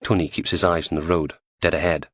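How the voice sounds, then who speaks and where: A man's voice: deep voice, level tone, a little fast, no echo. A man narrating an audiobook crime thriller in a dry, wry storytelling manner on a close studio mic.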